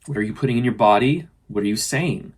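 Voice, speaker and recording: Middle-aged guy talking self-love, earnest and gentle, kinda rambly, average pitch. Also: quick pace, husky. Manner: earnest, gentle, rambling, often acts out inner dialogue. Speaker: podcast host. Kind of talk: casual spiritual self-help talk.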